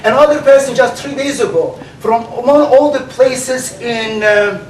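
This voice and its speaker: High-voiced Turkish-accented man in an echoey hall. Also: a little hiss or hum. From Turkey. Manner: animated, halting with many fillers. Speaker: debate speaker. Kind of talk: public debate speech. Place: large hall. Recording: echoey hall recorded from far off.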